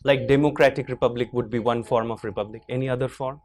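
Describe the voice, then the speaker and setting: A man on an interview board asking measured, probing questions in a formal setting. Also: mid-range voice, fairly even intonation, darkish tone.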